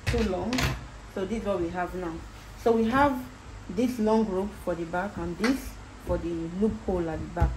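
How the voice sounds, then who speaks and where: Mellow Nigerian woman teaching sewing. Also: lowish voice, normal speed. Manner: patient, repeats each step while demonstrating. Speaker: sewing tutor. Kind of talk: casual step-by-step sewing tutorial. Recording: roomy echo with faint background noise.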